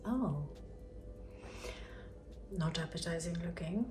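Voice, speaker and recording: A woman's voice: fairly low pitch, slow pace, pauses often, darkish tone, soft background music. A middle-aged woman chatting frankly as she cooks on a home cooking vlog. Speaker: cooking vlogger. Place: home kitchen. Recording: roomy kitchen echo.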